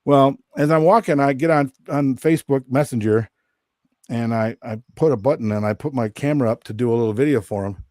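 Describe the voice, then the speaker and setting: A man telling a long story as a podcast guest, lively and quick to mimic others in high, mocking voices. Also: dry recording, clean studio sound. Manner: animated, jumps into high mocking voices when quoting. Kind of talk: casual storytelling. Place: Minnesota-based.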